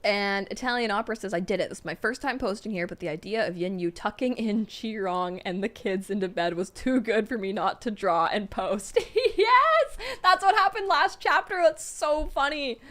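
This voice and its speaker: Excitable woman streamer, gushing over fan messages, laughs a lot, casual. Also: medium pitch, a little fast, hardly any pauses. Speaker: streamer reading donations and chat. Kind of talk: casual livestream chat.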